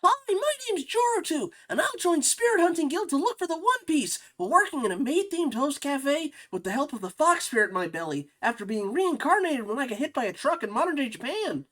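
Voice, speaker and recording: A man voicing a brash, eager young male anime hero in a shrill, drawn-out, loud voice. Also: sing-song, full character voice. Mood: hyped. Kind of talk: goofy put-on character voice.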